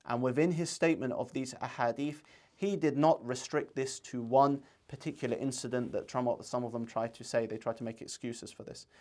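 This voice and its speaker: Man, religious presenter, earnest, argumentative, recites arabic quotations, mid pitch. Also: fairly even intonation, fairly quick, darkish tone. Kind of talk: explanatory religious commentary.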